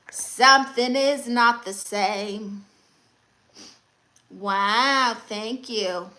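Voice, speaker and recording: A woman's voice: a little high, sharp tone. A young woman comedian hosting a live stream, reading comments and handing out blunt, sassy advice.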